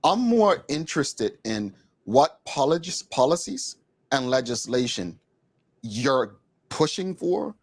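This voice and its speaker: Emphatic, animated male talk show host. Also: mid-range voice, takes it slowly. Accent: Bermudian. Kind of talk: casual studio talk. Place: studio.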